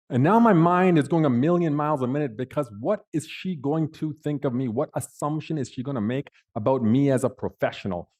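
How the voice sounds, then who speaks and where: A man's voice: medium pitch, a little mellow. A man on a panel telling a personal story in a vivid, dramatic way with big swings in emphasis. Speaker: panel speaker.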